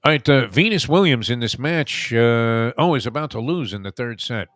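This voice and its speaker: Sports radio host, man, lower voice, rambling halting delivery, bright dry sound. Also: lively intonation, no echo. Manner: rambling, halting with many uhs. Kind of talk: casual sports talk.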